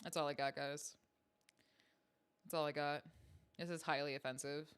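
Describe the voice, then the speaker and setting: A woman's voice: low voice, steady tone, moderate pace, fairly bright tone, clear, resonant tone. A woman hosting a livestream from home, chatting casually with her viewers in a playful, self-mocking way. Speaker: stream host.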